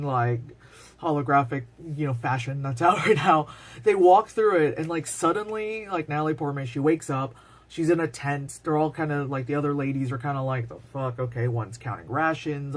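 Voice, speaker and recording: Rambling woman reviewing a movie. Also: low-pitched. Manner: rambling, full of "like" and swearing; excitable, acts out scenes in voices. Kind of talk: casual spoken movie review. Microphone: phone.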